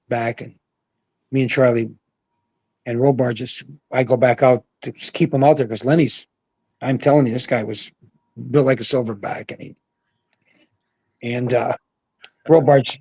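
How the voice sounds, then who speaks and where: An older man, a former pro bowler, telling rambling, animated stories over a video call and shouting out the quoted lines. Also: medium pitch, no room sound, lo-fi sound. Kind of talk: casual storytelling on a livestream. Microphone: video call mic.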